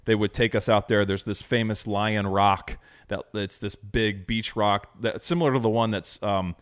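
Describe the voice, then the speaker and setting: A man's voice: fairly low pitch, steady tone, moderate pace, smooth. A man co-hosting a casual podcast chat, talking enthusiastically and rambling with lots of fillers. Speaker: podcast co-host.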